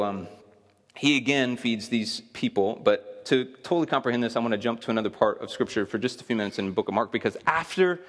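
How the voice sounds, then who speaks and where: Guy pastor chatting through a sermon, asks the crowd stuff, big echoey church hall. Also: on the low side. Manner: conversational, asks the audience questions. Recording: long reverb of a large hall.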